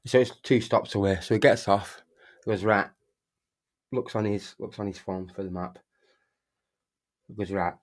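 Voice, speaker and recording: A young man tells a long anecdote in a slightly low voice. He rambles, restarts his sentences and swears constantly, in a casual streaming chat. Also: normal speed, pauses often. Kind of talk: casual storytelling while gaming.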